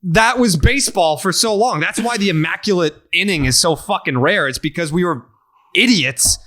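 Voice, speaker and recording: A man's voice: high voice, normal speed, bright, forceful tone. A man hosting a podcast, ranting profanely and with heat in casual chat. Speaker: podcast host.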